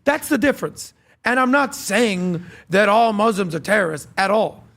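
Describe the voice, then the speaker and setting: A man's voice: high voice, lively intonation, moderate pace, vocal fry, fairly bright tone. A man co-hosting a political talk show, arguing his points in a punchy, heated way with examples. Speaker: podcast co-host.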